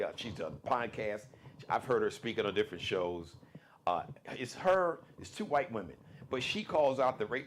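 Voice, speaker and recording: A man hosting a live political commentary show, talking in an emphatic, repetitive monologue that swings between loud bursts and low asides. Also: a little hiss or hum.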